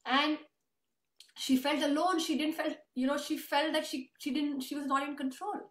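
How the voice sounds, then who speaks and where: A woman who is a host and author tells an emotional family story during an interview, speaking earnestly and conversationally. Her high-pitched voice moves at normal speed with fairly even intonation, with a roomy echo around it.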